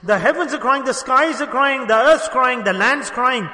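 A man preaching a sermon, impassioned, swinging between hushed and raised delivery, breaking into rapid chanted Quranic recitation. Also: very high-pitched. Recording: echoey hall with long reverb.

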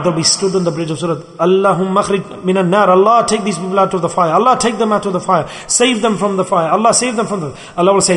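A man's voice: high voice, fast, few pauses, fairly bright tone. A man preaching a sermon in an emphatic, repetitive way. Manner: emphatic, repetitive, acts out pleading voices. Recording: hall reverb.

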